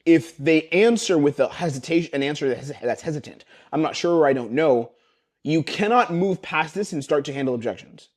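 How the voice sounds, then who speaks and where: Guy coaching sales on his webcam, talks super fast, low mellow voice, acts out the pitch lines. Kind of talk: teaching sales scripts with role-play.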